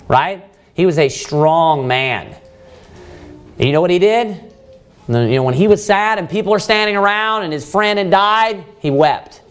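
Fairly high-voiced man preaching a sermon. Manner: rhetorical questions and emphatic repetition; many fillers of "you know" and restarts.

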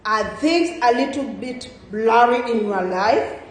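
A woman preaching a sermon in a church, asking rhetorical questions with emphatic rises and soft trailing endings. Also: fairly high pitch, animated, slow. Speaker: guest preacher. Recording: very echoey church hall.

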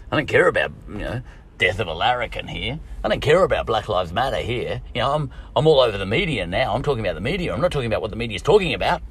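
A man's voice: lowish voice, fairly bright tone, slightly rough. An Australian man hosting a podcast, talking in a chatty, digressive solo monologue and often correcting himself mid-thought. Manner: chatty, digressive, self-correcting with frequent "you know" and chuckles. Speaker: podcast host.

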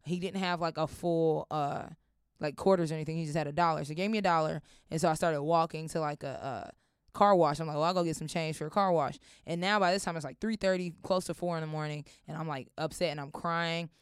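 A woman's voice: low voice, fast, clean tone, dry recording, studio quality. A young woman, telling a personal story casually, acting out voices and swearing freely. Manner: animated, acts out voices, swears often.

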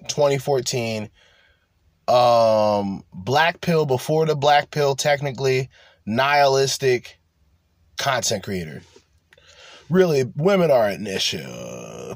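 A man doing casual reaction commentary, laughing and swearing in loose slang. His pitch swings widely as he gets worked up. The sound is close and dry, with no room around it. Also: no room sound. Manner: animated, laughing, profane slang.

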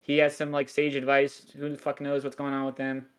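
A man's voice: medium pitch, monotone, a little fast, smooth. A man in his thirties co-hosting a podcast, recapping a cartoon in a crude, sardonic, rambling way with lots of swearing. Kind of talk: casual podcast chat.

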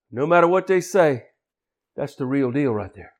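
A high-pitched man preaches a sermon, folksy and colloquial, full of jokes. He drops into quiet low asides and then climbs into loud, shouting emphasis. His tone stays down-home and conversational throughout. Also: big pitch swings, a little slow. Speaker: pastor.

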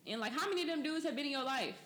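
A woman's voice: sits high, animated, racing, a bit bright. A woman in her twenties hosting a podcast, loose and chatty with lots of fillers. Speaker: podcast host. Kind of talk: casual chat.

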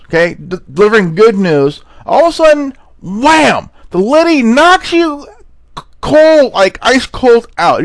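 High-voiced guy rambling and swearing thru funny 911 stories, slow, dry close sound. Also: no room sound. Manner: rambling, profane, repeats words and says "okay?" often. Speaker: host. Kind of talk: casual commentary on viral clips.

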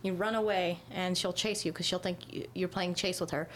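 A woman's voice: lowish voice, steady tone, fairly quick, fairly bright tone, slight background noise. A woman in casual conversation, talking loosely with lots of fillers and casual swearing. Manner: rambling, heavy use of "like", swears casually. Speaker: dog owner in casual conversation. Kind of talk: casual chat.

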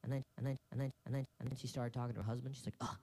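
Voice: mid-range voice, level tone, very fast, mellow. A stand-up comedian telling travel stories, with a strong stutter that repeats words many times. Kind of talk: stand-up routine.

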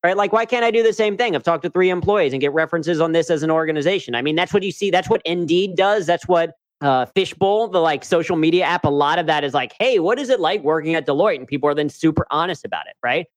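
A man's voice: fairly high pitch, fast talker, hardly any pauses, no room sound. Upbeat chatty man, dry close sound. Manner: upbeat, chatty, frequent "right?" asides. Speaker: guest, humor coach and speaker. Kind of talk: casual interview talk.

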